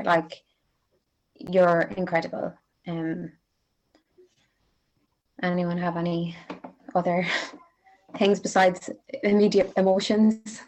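A woman's voice: on the low side, level tone, measured pace, long pauses, a little mellow. A woman hosting a podcast, talking in a reflective, hesitant way with many fillers. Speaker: podcast host. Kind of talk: casual podcast discussion.

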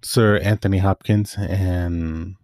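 A man's voice: low-pitched, slow pace, dry recording, studio quality. A young man giving a casual, rambling movie recap, often correcting himself mid-sentence. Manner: rambling, self-correcting, relaxed. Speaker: movie vlogger.

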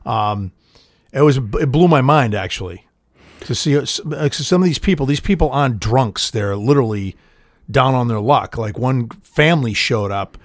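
Middle-aged man, casual profane chat, halting with fillers, dry close sound. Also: medium pitch, expressive, no room sound. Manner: halting storytelling with many fillers and swearing.

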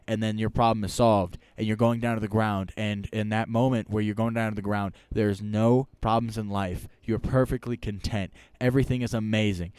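A man telling a story in casual chat, rambling and animated, often tagging lines with "right?". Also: lowish voice, clear, resonant tone, no echo.

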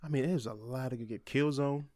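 A man co-hosting a casual podcast, relaxed and moving the talk along. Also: mid-range voice, fairly quick, dry recording. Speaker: podcast co-host. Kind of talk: casual chat.

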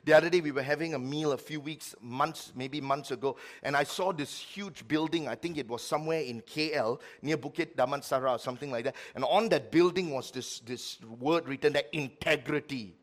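Pastor guy preaching, kinda high voice, gets loud then drops way down. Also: fairly quick, hardly any pauses. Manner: animated preaching, swings from loud to quiet, acts out voices. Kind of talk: sermon.

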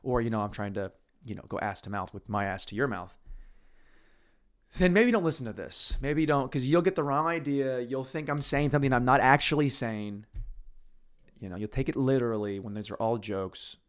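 A man's voice: mid-range voice, normal speed, smooth. Man, podcast host, casual monologue, crude, rambling, mumbly, restarts. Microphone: podcast microphone.

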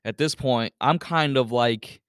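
A man hosts his podcast with a casual, meandering storytelling manner, sprinkling in profanity and "you know" fillers. His voice is smooth and clear at an ordinary pitch. The sound is dry and close, with no room echo. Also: unhurried. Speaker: podcast host.

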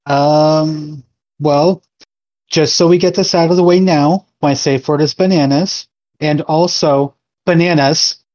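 A man's voice: a little high, steady tone, slow, a little mellow, dry recording, dull audio. A man playing his character in a tabletop game, joking and sarcastic. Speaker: player.

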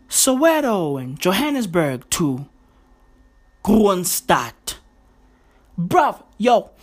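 A woman tells a story for her vlog in a half-whisper and swears as she goes. She takes her time and draws the words out slowly. Her pitch sits in a middle range. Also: slightly rough. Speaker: vlogger. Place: indoors at home, early morning.

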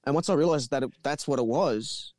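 A man's voice: mid-range voice, brisk, darkish tone, dry recording. Man, rambling, heavy swearing, casual chat, dry close sound. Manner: swears freely, rambling storyteller. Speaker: guest.

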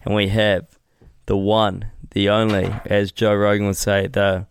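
Low gravelly man, dry podcast banter. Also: level tone, unhurried, no echo. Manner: joking, crude, rambling. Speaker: podcast co-host. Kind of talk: casual comedy podcast chat.

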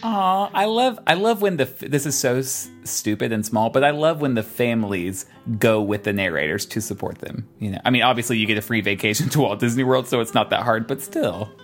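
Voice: mid-range voice, expressive, a little fast, few pauses, faint music behind. A podcast co-host in casual chat, asking playful questions and teasing the others.

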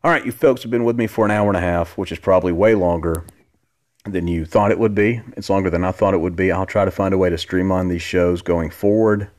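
Deep-voiced male podcast host in his forties, laid-back storyteller who swears freely. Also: fairly even intonation, a little fast, a little mellow. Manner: laid-back, rambling, profanity, jumps up high quoting others. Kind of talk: casual storytelling.

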